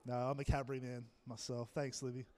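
A man's voice: medium pitch, little pitch movement, fast talker, a little mellow, in a large hall. A man, preaching a sermon and joking with the congregation. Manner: jokey, chatty with the congregation. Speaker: pastor. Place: church hall.

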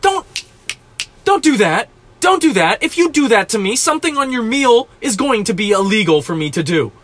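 A man's voice: very high-pitched, very animated, moderate pace, a bit bright, no echo. A man hosting a solo podcast from a small closet, ranting profanely and with exasperation. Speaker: podcast host.

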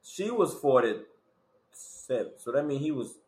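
A man's voice: medium pitch, very animated, unhurried, a little mellow. Stammering playful young man, echoey room. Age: young adult. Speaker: podcast co-host. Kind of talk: casual podcast banter. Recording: echoey room with faint noise.

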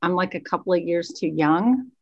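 A woman's voice: fairly low pitch, normal speed, a little mellow, dry recording, lo-fi sound. A woman in her fifties, a guest expert chatting casually on a podcast, talking chatty and self-deprecating.

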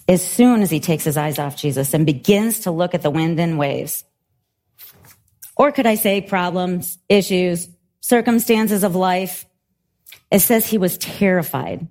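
A middle-aged woman preaching a sermon and telling a story in an animated, laughing way. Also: lowish voice, a little slow, pauses often. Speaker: pastor.

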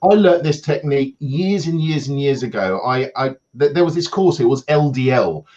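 A man's voice: medium pitch, expressive, moderate pace, a little mellow, muffled recording. A man, a coach, telling self-mocking anecdotes in casual chat on a video call.

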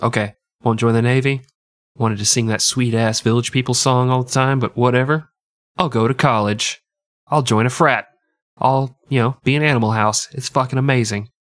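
A man doing a crude, cocky teenage George Washington in a comedy podcast, purring in a slow, breathy, low drawl. The voice is dry and close. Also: fairly even intonation, no echo, lightly acted. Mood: grudging.

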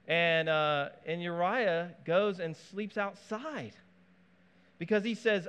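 A man preaching a sermon in a conversational, animated way, with asides and playful touches. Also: high-pitched, slow, pauses often, smooth. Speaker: pastor.

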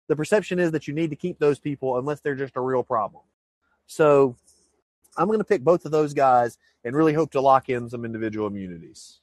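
A man's voice: medium pitch, a little mellow, no room sound. A man co-hosting a podcast, chatting casually and jokingly, often restarting and repeating words. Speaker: podcast co-host. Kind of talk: casual chat.

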